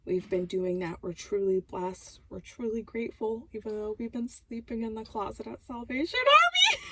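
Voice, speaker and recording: Husky woman telling a story animatedly. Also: medium pitch, rough recording. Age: adult with children. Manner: animated, bursts into loud laughing exclamations and drops to hushed asides. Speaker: vlogger. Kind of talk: casual storytelling.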